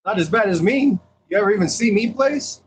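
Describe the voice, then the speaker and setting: A man's voice: high voice, animated, husky, rough recording. A man co-hosting a casual livestream, joking and teasing. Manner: joking, teasing, slow drawl.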